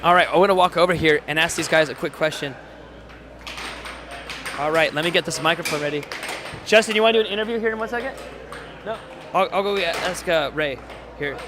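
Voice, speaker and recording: Male live-stream commentator, high, hoarse, chatty, noisy venue. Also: a little fast, long pauses. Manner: excitable, chatty, reads chat aloud. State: voice going hoarse. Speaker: air hockey commentator and streamer. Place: tournament hall.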